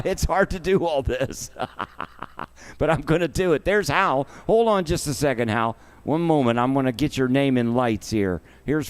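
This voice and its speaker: A man's voice: medium pitch, darkish tone. A man hosting a charity livestream, talking emotionally and expressively to his viewers.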